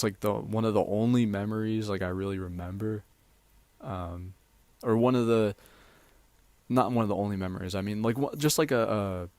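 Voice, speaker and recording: A man's voice: on the low side, no echo. A man telling personal stories casually, hesitant and full of fillers and restarts. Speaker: storyteller. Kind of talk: casual storytime vlog.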